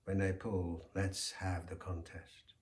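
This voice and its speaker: A man's voice: deep voice, level tone, slow, darkish tone. A man voicing a small, clever male tortoise who talks in a coaxing, persuasive way in a storybook tale. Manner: coaxing, stammers when pleading. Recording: echoey room.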